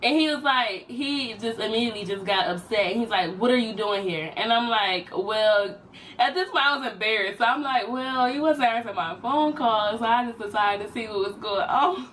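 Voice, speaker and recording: A young woman, telling a personal story in a casual vlog and jumping up high for quoted voices. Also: moderate pace, fairly bright tone, recorded from a distance, slight background noise, low-quality recording. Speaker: vlogger.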